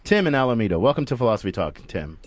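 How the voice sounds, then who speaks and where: A man from the Midwest co-hosting a radio talk show who is lively and laughs easily with callers. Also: mid-range voice. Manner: lively, quick to laugh and take calls. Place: radio studio.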